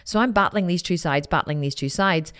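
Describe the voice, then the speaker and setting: A woman hosting a podcast, telling a personal story in a candid, animated way, repeating phrases and swearing casually. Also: lowish voice, a little fast, clear, resonant tone. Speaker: podcast host.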